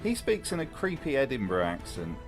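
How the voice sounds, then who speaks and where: A man's voice: medium pitch, huge pitch swings, brisk, music in the background. A man hosting a comedic video essay, narrating with dry, mocking commentary.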